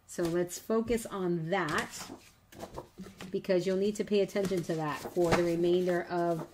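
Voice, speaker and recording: A woman's voice: fairly low pitch, steady tone, measured pace, background noise. A woman teaching a live online scrapbooking class in a chatty, encouraging way, teasing her viewers as she walks through each step. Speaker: scrapbooking instructor.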